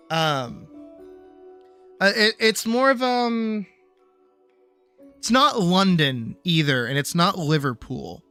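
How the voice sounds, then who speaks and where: A streamer talks casually at an unhurried pace, thinking aloud and often trailing off. The voice is bright and the pitch moves around a lot. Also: lively intonation, smooth, soft background music. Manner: musing, trailing off and restarting. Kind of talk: casual chat while reacting to videos.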